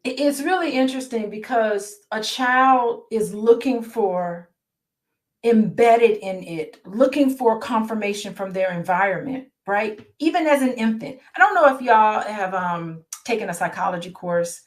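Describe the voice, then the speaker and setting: A woman therapist who reads passages from a book aloud and talks them over with her listeners in a conversational way, often checking in with a quick "right?". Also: medium pitch. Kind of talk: reading a book aloud and commenting.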